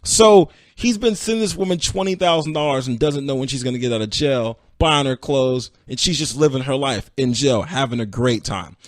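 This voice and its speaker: Animated male podcast host, dry close sound. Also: moderate pace, hardly any pauses, no room sound. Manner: animated, acts out quoted people with sudden high-pitched outbursts. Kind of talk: casual storytelling recap.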